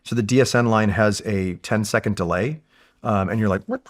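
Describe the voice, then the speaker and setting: Animated, profane male Marine veteran from California. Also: fairly low pitch, moderate pace. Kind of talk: storytelling in a casual interview.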